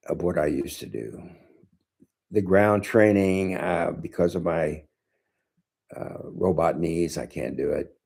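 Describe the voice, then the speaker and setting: A man in his seventies, a martial arts teacher, giving a slow, thoughtful monologue to camera with frequent pauses. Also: very deep voice, gravelly, mellow, slightly rough. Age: 70s. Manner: slow, thoughtful, pausing often.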